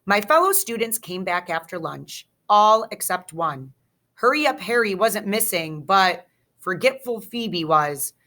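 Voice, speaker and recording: A woman teacher reading a children's chapter book aloud with slow, expressive storytelling. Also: medium pitch.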